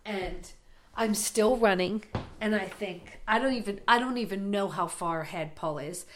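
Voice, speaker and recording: A woman co-hosting a podcast, telling a travel story in a lively, animated way. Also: mid-range voice, moderate pace, a little hiss or hum. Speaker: podcast co-host. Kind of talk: casual storytelling.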